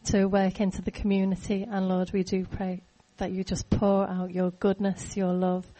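Woman praying in a flat, mellow voice. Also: medium pitch, normal speed. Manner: earnest, repetitive prayer phrasing. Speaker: church member. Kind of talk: spoken prayer. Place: church meeting.

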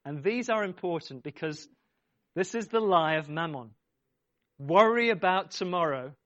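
Emphatic male preacher, slightly high voice. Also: animated, moderate pace, a bit bright, no echo, highs cut off. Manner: emphatic, repeats phrases, urges the congregation. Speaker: pastor. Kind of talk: sermon.

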